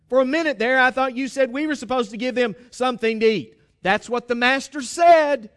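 A pastor giving a sermon, retelling a Bible story with humour and acting out the dialogue. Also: male voice, very high-pitched, normal speed, a bit bright, smooth.

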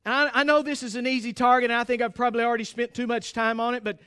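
A man preaching from the pulpit in an unusually high voice for a man. He talks with insistent emphasis, stumbling over and repeating words as he presses each point, and he speaks straight to the congregation. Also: flat delivery, very fast, bright, forceful tone, smooth. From United States. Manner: emphatic, repeats and restarts phrases, addresses the congregation directly. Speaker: pastor. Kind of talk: sermon.

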